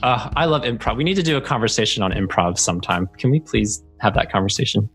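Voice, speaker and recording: A man's voice: fairly low pitch, quick pace, a bit bright, soft background music. A man hosting a podcast in casual chat, talkative and rambling, laughing often. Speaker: podcast host.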